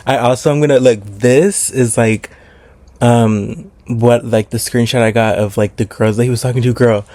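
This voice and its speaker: A man's voice: medium pitch, fairly even intonation, moderate pace, warm tone. A young man telling a personal story in a casual vlog, chatty and full of filler words and slang. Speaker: vlogger.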